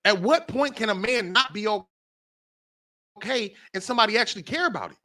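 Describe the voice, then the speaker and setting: A man's voice: sits high, expressive, fairly quick, sharp tone. A man hosting a talk show, delivering an impassioned monologue and repeating phrases for emphasis. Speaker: podcast host.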